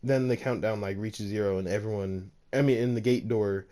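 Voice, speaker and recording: A man's voice: lowish voice, fairly even intonation, a little fast, warm tone, a little hiss or hum. A man casually narrating a fan-made story, rambling with lots of fillers and laughing at his own slips.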